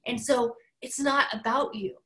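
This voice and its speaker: A woman's voice: on the high side, fairly even intonation, a little slow, a bit bright, poor audio. A woman in her forties giving an emphatic motivational talk, driving points home by repeating key phrases. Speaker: motivational speaker.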